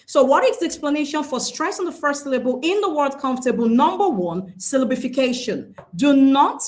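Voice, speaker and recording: A woman's voice: sits high, lively intonation, darkish tone. Nigerian woman teaching English pronunciation. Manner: deliberate, repeats key words, slows to stress points. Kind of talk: classroom lesson.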